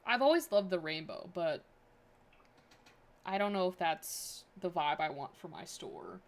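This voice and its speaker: A woman's voice: on the low side, lively intonation, measured pace. Chatty woman streamer thinking aloud. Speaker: game streamer. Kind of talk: casual livestream chat.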